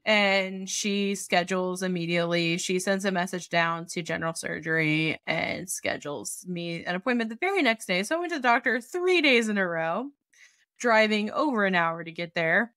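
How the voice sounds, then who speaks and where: A woman's voice: lowish voice, moderate pace, no echo. Swearing, storytelling young woman, dry sound. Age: young adult. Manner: animated storytelling, acts out what others said, swears freely. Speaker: podcast co-host. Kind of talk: casual podcast chat.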